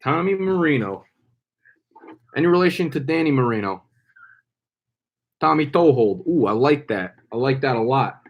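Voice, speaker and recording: A young man hosting a casual live stream, loud and playful, hyping up names with slang and swearing. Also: medium pitch, expressive, moderate pace, long pauses, highs cut off. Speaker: fantasy football streamer.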